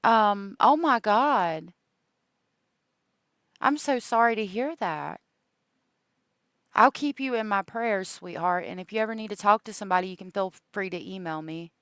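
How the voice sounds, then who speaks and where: A woman's voice: mid-range voice, animated, unhurried, long pauses, a bit bright, clear, resonant tone, no echo. A woman hosting a true crime live stream, rambling in casual chat with lots of ums and likes and gushing thanks to her viewers.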